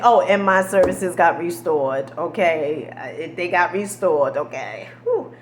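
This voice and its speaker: A woman's voice: on the low side, lively intonation, measured pace. Sassy, emphatic woman vlogger in an echoey room. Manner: sassy, emphatic, says "honey" and "girl" often, dialect grammar. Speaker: motivational vlogger. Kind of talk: animated storytelling monologue. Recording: echoey room with faint ambient noise.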